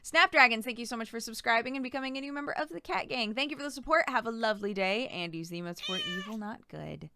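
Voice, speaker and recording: A woman's voice: fairly high pitch, expressive, quick pace, creaky, few pauses, bright, forceful tone, clean tone. A woman streamer chatting casually, giggling and thanking subscribers by name. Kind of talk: casual live-stream chat.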